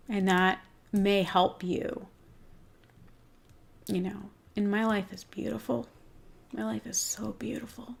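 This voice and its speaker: A woman's voice: mid-range voice, creaky. A woman hosting a livestream for groomers, speaking candidly and emotionally while teary-eyed, reading viewers' comments aloud. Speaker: host of a groomer business show.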